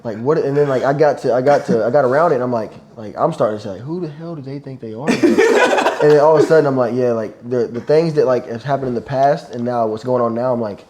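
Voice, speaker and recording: Young man telling lively stories. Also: medium pitch, fast, noisy background. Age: young adult. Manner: animated storytelling, laughing often. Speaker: college football player, guest. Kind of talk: casual podcast chat.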